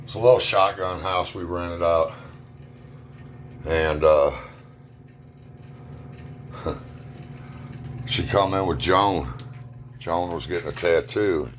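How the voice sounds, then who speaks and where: A man's voice: deep voice, slow pace, long pauses, a little hiss or hum. A middle-aged man telling personal stories at home in a rambling, plain-spoken, profane way. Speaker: storyteller. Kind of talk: casual personal storytelling.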